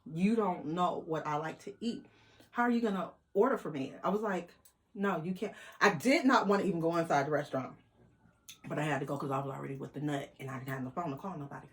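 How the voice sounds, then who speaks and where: Animated woman telling a story. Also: low-pitched, fast. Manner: animated, quotes people in voices, laughs. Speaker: vlogger. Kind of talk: casual storytelling.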